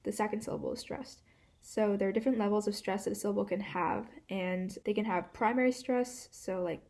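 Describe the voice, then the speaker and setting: A woman's voice: medium pitch, dark tone. A woman hosting a walkthrough of a linguistics puzzle, explaining in a casual, hedging way full of "like" and "kind of.". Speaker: host.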